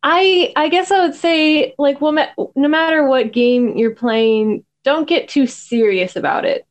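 A soft-spoken woman being interviewed on a podcast, chatting casually with frequent laughs and restarts. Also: high-pitched, a little slow. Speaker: podcast guest, new tabletop gamer.

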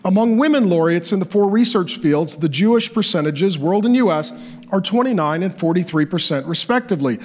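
A male pastor delivering a sermon, reading facts aloud and breaking into animated, joking asides. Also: sits high, a little fast. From Irish descent.

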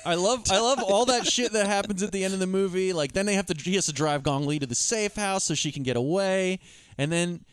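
A man's voice: high voice, a little fast, clean tone, no room sound, clean studio sound. A man co-hosting a podcast, talking about movies in a laid-back, agreeable way. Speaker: podcast co-host. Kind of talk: casual movie chat.

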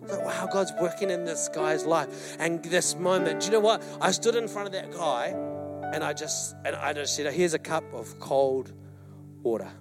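A male pastor preaching a sermon, telling a personal story with lively acted-out quotes to his congregation. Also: a little high, moderate pace, over music. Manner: animated storyteller, acts out quotes, addresses congregation. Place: church hall.

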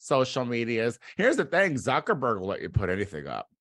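A man from the United States delivering a casual comedic monologue as a podcast host. He rambles and swears, with sudden loud outbursts. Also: mid-range voice, huge pitch swings, brisk, dry recording, studio quality.

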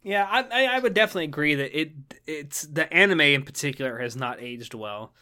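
A man chatting casually as a podcast co-host, his voice bright and forward. He rambles along, filling pauses with ums and starting sentences over. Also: a little high, expressive. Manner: rambling, lots of ums and restarts. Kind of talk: casual chat.

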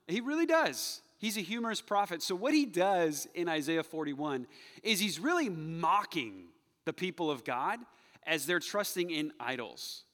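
A middle-aged pastor preaches with a high, bright voice that swings widely in pitch, playful and teasing as he acts out quotes. His words ring out with a long reverb through a big church hall. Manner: playful, mocking voices when quoting. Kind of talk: sermon.

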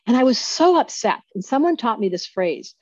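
A woman's voice: on the high side, moderate pace, no echo. Muffled woman in her sixties, telling a story. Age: 60s. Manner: animated storyteller who acts out quoted speech. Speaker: astrologer guest. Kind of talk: casual interview storytelling.

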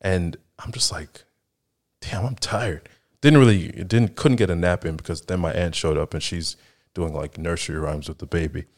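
A Chicago-area man in his thirties hosts a podcast, telling casual, rambling stories in a low, darkish voice at a moderate pace. He laughs often and keeps dropping "like" and "right?" into his talk.

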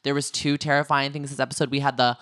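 A man co-hosting a podcast, talking through a reality episode in a loose, chatty way. His voice is bright and forceful, with a smooth, crisp clarity. He tells the story with lively energy. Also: mid-range voice, quick pace. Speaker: podcast co-host. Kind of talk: casual recap chat.

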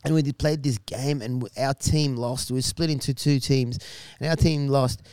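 A man telling a long story in casual chat, animated and profane, with many restarts and laughs. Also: medium pitch, moderate pace, smooth, no room sound. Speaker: guest telling stories.

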